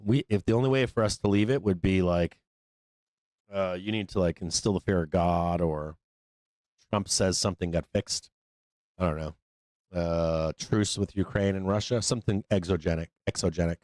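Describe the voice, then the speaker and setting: A deep-voiced man hosting a live market stream, talking off the cuff with plenty of swearing and "like" and "uh." His voice sits close and dry, with no room sound around it. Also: normal speed, pauses often, a little mellow, no echo. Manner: loose, profane, rambling with fillers. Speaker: trading show host.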